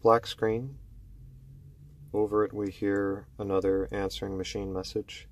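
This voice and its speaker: A man telling a horror story slowly and dramatically, dropping low and hushed to build tension. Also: little pitch movement.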